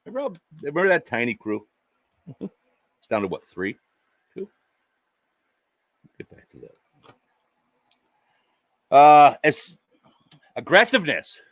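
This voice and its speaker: A man's voice: on the high side, fairly bright tone, no echo, studio quality. A man vlogging a sarcastic, profane monologue, mockingly addressing an unseen "sir" over and over.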